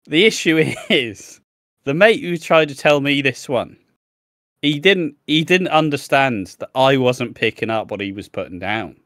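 A man's voice: medium pitch, animated, unhurried, a bit bright, dry recording, clean studio sound. A young man co-hosting a podcast in casual chat, rambling and swearing freely, laughing often and losing his train of thought. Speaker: podcast co-host.

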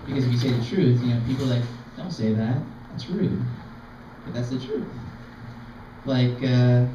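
A young man performing open mic stand-up comedy in a self-deprecating, halting, rambling way. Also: mid-range voice, far from the mic, noisy background. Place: small art gallery open mic. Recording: dull, echoey room recording from afar.

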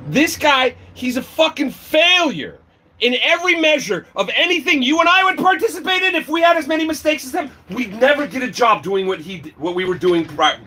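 A man delivering a profane, angry rant to the camera, often shouting and mocking. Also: very high-pitched, a little hiss or hum. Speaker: video creator.

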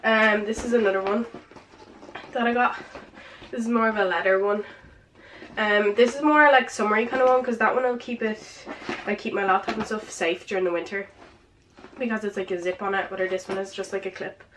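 Talking fairly quickly in a steady mid-range voice, a teenage girl goes through her present haul in a casual vlog, breathless and packing her speech with "like" and "um." The camera-and-ring-light recording picks up background noise.

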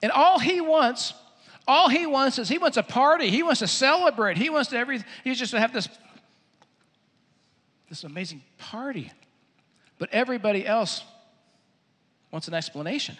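A male pastor preaching a sermon, telling a Bible story in an animated way and acting out its scenes. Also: very high voice, normal speed, pauses often. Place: church. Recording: echoey hall.

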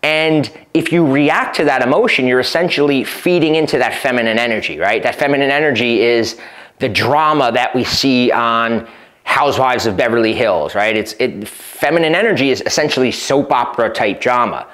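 A man's voice: mid-range voice, moderate pace, a bit bright. Conversational male dating coach. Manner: conversational, often asks "right?", acts out quoted exchanges. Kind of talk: advice talk to camera.

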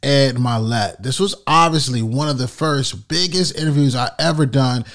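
A man's voice: medium pitch, moderate pace, a bit bright. A man hosting a podcast, introducing an episode in a casual, familiar way and calling his listeners "fam". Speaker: podcast host.

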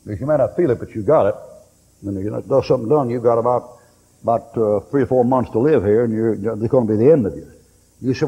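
A man's voice: mid-range voice, quick pace, husky, dull audio. A man preaching a sermon in a folksy storytelling way, acting out the voices in his stories. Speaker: pastor. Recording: reverberant hall recording.

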